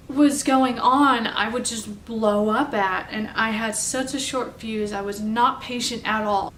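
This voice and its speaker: A young woman telling a personal story in a halting, confessional way, at home. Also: on the high side, far from the mic. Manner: halting, confessional, soft-spoken. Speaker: vlogger telling her story. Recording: roomy, off-mic, faint background noise.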